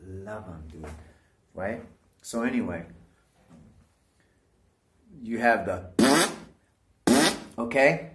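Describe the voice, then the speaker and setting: A man's voice: on the low side, very slow, pauses often, heavy background noise. Rambling, profane male vlogger. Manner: rambling, profane, keeps saying "dude". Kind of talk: casual rambling monologue to camera.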